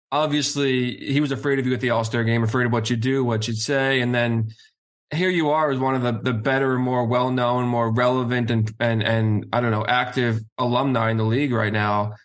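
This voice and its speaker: A man co-hosting a casual hockey talk show, talking in a steady, analytical way and reeling off stats. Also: mid-range voice. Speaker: podcast co-host.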